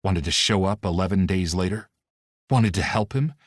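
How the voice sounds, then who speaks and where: Reading at a moderate pace, a male audiobook narrator with a low voice tells the story steadily and expressively. The recording is dry and close-miked, with no room ambience.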